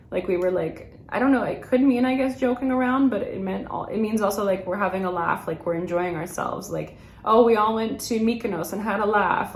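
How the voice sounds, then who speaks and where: A woman's voice: medium pitch, gravelly, darkish tone, echoey room, slight background noise. A woman, chatting through a makeup routine and rambling with lots of "like" and laughter. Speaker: beauty vlogger. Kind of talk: chatty get-ready-with-me.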